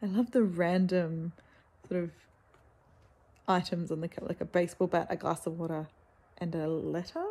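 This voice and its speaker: A woman book vlogger in casual chat, gushing over her book haul with gasps and hushed exclamations. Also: lowish voice, steady tone, normal speed, pauses often, husky. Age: adult with sons.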